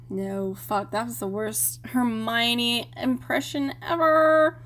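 A woman's voice: a little high, expressive, slow, hardly any pauses. Self-mocking woman breaking character. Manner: self-mocking, laughing at herself. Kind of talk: casual out-of-character asides.

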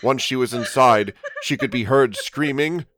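A man's voice: medium pitch, unhurried, fairly bright tone, slight background noise. Man narrating a mock-innocent fairy tale. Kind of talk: comic adult storybook narration.

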